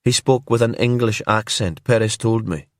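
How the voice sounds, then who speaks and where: A man's voice: fairly low pitch, normal speed, no echo, clean studio sound, lightly acted. A man playing a terse, stubborn island man. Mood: guarded. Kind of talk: calm storybook narration.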